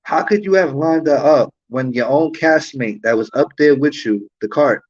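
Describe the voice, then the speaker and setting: A man's voice: on the high side, moderate pace. A man hosting a livestream, ranting heatedly and profanely with repeated rhetorical questions. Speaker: livestream host. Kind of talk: livestream commentary rant. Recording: dull lo-fi stream audio.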